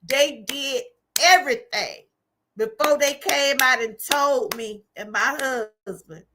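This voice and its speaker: Woman host, slow and emphatic, bright sound, livestream testimony. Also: high-pitched. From Georgia, US. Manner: emphatic, repetitive, preacherly. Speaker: channel host.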